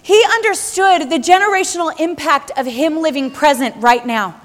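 A woman in her thirties preaches with a very high, bright-toned voice, talking to the congregation like friends and piling up rhetorical questions. Her sermon rings out with a long reverb in a large church hall. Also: moderate pace. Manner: lively, conversational, with rhetorical questions and repetition.

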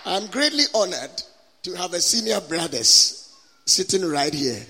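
Preaching as a guest, a man pours passion into a sermon with prayer and call-and-response. His bright, high voice is animated and slightly rough, swooping between phrases as he stretches words in a drawn-out cadence, echoing through a big church hall.

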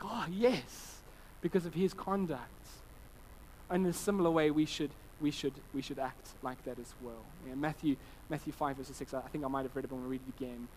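A man in his thirties giving a conversational sermon, his voice sitting a little higher than most men's. He tells family stories with animated quoted voices and stumbles through restarts. A faint hum of background noise runs underneath. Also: poor audio. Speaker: pastor.

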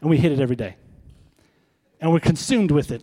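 A fairly high-voiced man preaches in a relaxed, talky way, tossing questions out to his listeners. His voice rings with the long reverb of a large hall. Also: fast talker. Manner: conversational preaching with rhetorical questions to the congregation. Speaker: pastor. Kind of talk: sermon.

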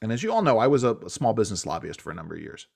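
A man hosting a political talk show, speaking in a halting way with many restarts and fillers. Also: fairly low pitch, huge pitch swings, creaky, a little mellow, breathy edge. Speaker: radio talk show host.

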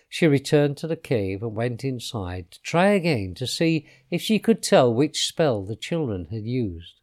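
A man reading a children's storybook aloud in an expressive way, letting his voice drop softly on the speech tags. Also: medium pitch.

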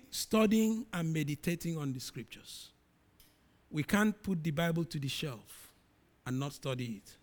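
In a sermon, a middle-aged man reads scripture with dramatic flair, his voice hitting loud, emphatic peaks before falling to quiet, low drops.

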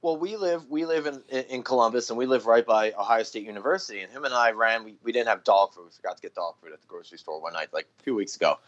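A man's voice: mid-range voice, expressive, fast talker, few pauses. A man born in Philadelphia and raised in New Jersey, hosting a podcast with blunt, crude talk and heavy swearing. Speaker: podcast host. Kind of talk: casual podcast chat. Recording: slightly dull lo-fi sound.

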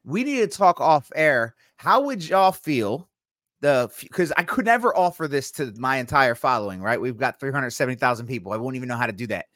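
A man co-hosting a live-streamed podcast, talking emphatically and acting out quick bits of imagined dialogue. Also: medium pitch, very animated, a bit bright, no room sound, studio quality. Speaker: podcast co-host.

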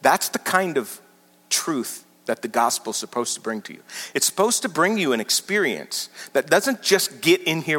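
A male pastor delivers a sermon with a bright, forceful edge to his fairly high voice. He teaches with lively emphasis and repeats key words for weight. His voice rings out with a long reverb in a large hall. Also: normal speed. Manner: animated teaching with emphatic repetition.

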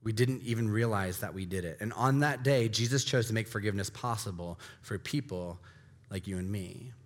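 A male pastor preaching a sermon, rising to loud emphasis and dropping to hushed, slow lines. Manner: dramatic swings between loud emphasis and hushed low delivery. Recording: long reverb of a large hall.

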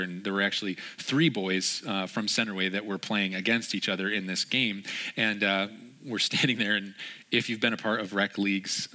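A man in his thirties preaching a sermon in a lively way, acting out quoted people in changed voices. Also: low voice. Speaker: pastor.

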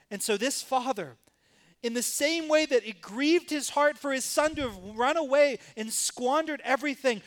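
A man's voice: very high voice, a bit bright. A man preaching a sermon in a church, voicing the father and sons in the story with dramatic emphasis. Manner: dramatic, acts out the sons' and father's words. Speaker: pastor. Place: church sanctuary.

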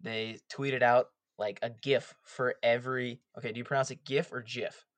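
A man's voice: mid-range voice, level tone, moderate pace, fairly bright tone, dry recording. A young man co-hosting a casual sports podcast, recapping draft picks with light teasing. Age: young adult. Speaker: podcast co-host.

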